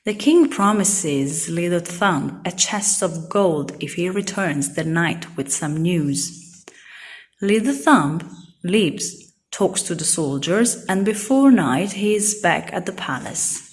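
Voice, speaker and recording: A woman reading a children's storybook aloud in a clear, simple way for young learners. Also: lowish voice, animated, slow. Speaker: storybook reader.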